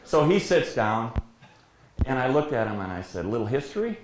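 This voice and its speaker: A man in his sixties who grew up in Detroit, a sportscaster speaking as guest, telling lively anecdotes and acting out quotes with frequent laughter. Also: medium pitch, moderate pace. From Detroit, USA. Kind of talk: anecdotal storytelling talk. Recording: very echoey room, faint background noise.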